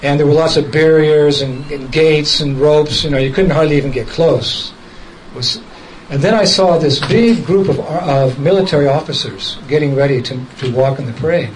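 A man's voice: a little high, moderate pace, hardly any pauses, a little hiss or hum, low-quality recording. A man casually telling a story from his past, often chuckling and quoting the people in it directly. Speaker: devotee recounting a memory.

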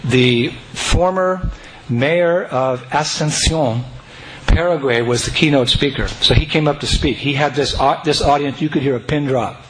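A man telling a personal devotional story to an audience, animated and breaking into chanting and joyful shouts. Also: mid-range voice, measured pace. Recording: noisy recording.

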